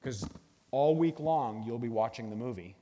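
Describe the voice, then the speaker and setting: A middle-aged man giving a guest sermon in a church, animated and jokey, talking to a live audience. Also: medium pitch, moderate pace. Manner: animated, jokey, bursts into sung movie lines. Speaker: guest speaker. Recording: long hall reverb.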